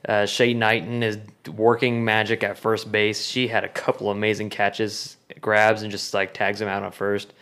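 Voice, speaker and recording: A man's voice: on the low side, normal speed, hardly any pauses, smooth. Jokey man hosting a sports podcast. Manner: jokey, lively, steers the talk. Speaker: podcast host. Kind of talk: casual sports podcast chat.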